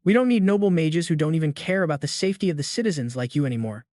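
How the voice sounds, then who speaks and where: An earnest young man speaks out plainly, as a man narrating reads him. The voice is somewhat high and dry. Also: animated, rapid-fire, darkish tone, no room sound, lightly acted. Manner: earnest, outspoken.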